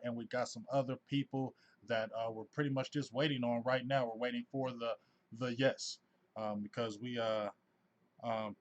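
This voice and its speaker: A man in his forties hosting a casual sports fan livestream, talking in an animated, effusive way and reading out viewers' names. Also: mid-range voice, highs cut off. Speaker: host of a sports fan live show.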